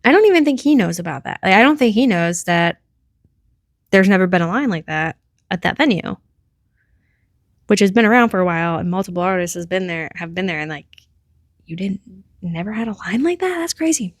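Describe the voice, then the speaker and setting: A woman's voice: lowish voice, lively intonation, brisk, long pauses, dry recording, studio quality. A woman in her thirties hosting her own podcast in a casual, rambling chat, filling her talk with "like". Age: 30s. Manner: chatty and rambling, heavy use of "like". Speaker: podcast host.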